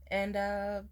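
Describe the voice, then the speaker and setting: Young woman vlogger, hungover, loose rambling storytime delivery. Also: medium pitch. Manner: rambling, laughing, swearing freely. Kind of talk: casual storytime rant.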